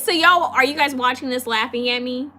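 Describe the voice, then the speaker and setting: With a high, pushed and bright voice, a woman from California runs a live stream, casually chatting and giggling as she replies to comments from viewers. She's chatty, full of fillers and quick repeats.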